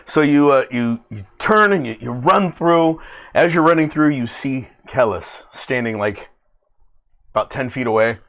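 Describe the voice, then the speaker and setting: A man narrating as game master of a tabletop role-playing game, in a halting, filler-heavy way. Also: medium pitch, lively intonation, a bit bright.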